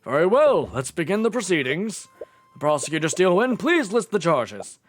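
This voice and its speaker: A man voicing a gruff older male judge, stern and formal, in a video game. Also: sits high, big pitch swings, normal speed, slight background noise.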